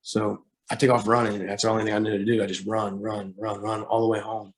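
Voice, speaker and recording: A young man recounts a painful episode from his past as a guest. His voice sits low and moves little in pitch, and he halts, restarts and leans on fillers, sounding shaken and close to tears. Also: level tone. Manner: halting, with many fillers and repeated starts. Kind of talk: personal story in an interview.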